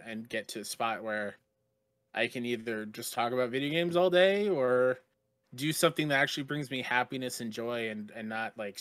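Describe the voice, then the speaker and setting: A man's voice: medium pitch, pushed and bright, no echo. A man talking as a guest on a podcast, earnest and heartfelt, from Long Island, New York. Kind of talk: casual podcast chat.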